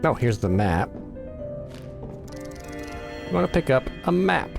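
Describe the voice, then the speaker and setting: Casual male let's play host, animated delivery, soft music underneath. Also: mid-range voice, slow pace, vocal fry. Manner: chatty, reads game text aloud. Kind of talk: casual gameplay commentary.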